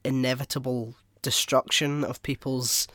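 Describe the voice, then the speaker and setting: A man chatting casually, reacting to a story with quick exclamations. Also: mid-range voice, little pitch movement, fairly bright tone, no echo, studio quality. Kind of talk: casual chat.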